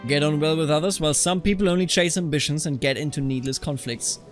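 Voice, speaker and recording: A man from Bavaria commentating his own strategy game session, reacting with loud dismay and then resolve when things go wrong. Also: a little high, fast, faint music behind. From Bavaria, Germany. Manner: animated, reacts loudly to setbacks. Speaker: let's play commentator. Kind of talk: live gameplay commentary.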